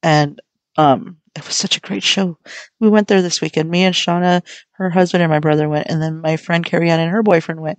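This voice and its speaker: A woman's voice: lowish voice, normal speed, no room sound. Frank, rambling woman podcaster, dry sound. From United States. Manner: rambling, frank, swears freely. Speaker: podcast host. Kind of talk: casual solo podcast chat.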